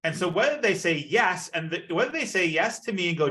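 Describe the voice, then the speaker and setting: A man coaching a business community on a video call, energetic and playful, acting out the people he quotes. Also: sits high, a little fast, few pauses. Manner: energetic, acts out quoted voices. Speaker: network marketing leader.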